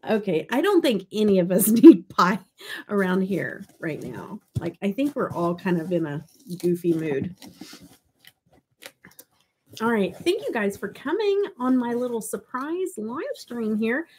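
A woman's voice: medium pitch, sing-song, a little slow, noisy background. A middle-aged woman hosting a live stream in giggly casual chat. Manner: giggly, chatty.

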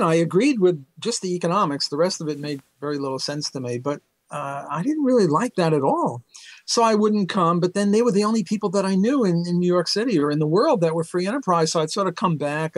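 A man's voice: a little high, no echo. Older man telling stories, dry room. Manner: rambling, self-correcting, frequent "uh" fillers, bursts of laughter. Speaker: interview guest, economics professor. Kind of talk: casual storytelling interview.

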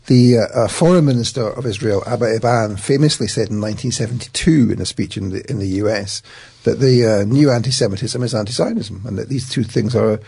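A middle-aged man, a guest in an interview, recounting events in an animated way with many restarts. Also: fairly low pitch, gravelly, breathy edge. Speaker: guest, academic.

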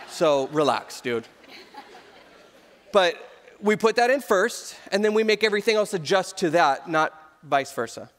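A man in his thirties preaches a sermon as pastor, telling stories with easy humor. His voice sits a little high for a man. It carries a long reverb from a large sanctuary. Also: lively intonation, a little slow, pauses often, a bit bright, slight background noise. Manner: storytelling with humor.

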